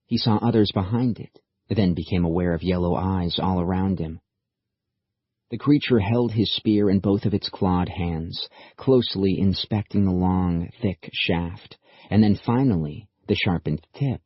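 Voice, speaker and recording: Deep, husky male audiobook narrator. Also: no room sound. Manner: steady, measured storytelling. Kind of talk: scripted narration. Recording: dry, slightly dull audiobook recording.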